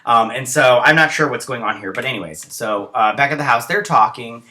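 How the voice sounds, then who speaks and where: A man's voice: mid-range voice, fairly quick, pushed and bright, slight background noise. A young man hosting a casual TV episode review, retelling scenes in a rambling way with many fillers and sounding tired, as it's early in the morning.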